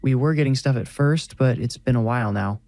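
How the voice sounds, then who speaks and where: A man's voice: mid-range voice, fairly quick, darkish tone, dry recording, clean studio sound, soft background music, pitched above the performer's own voice, lightly acted. A man voicing a hesitant young woman on her first ghost hunt. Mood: uneasy. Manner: hesitant, uneasy.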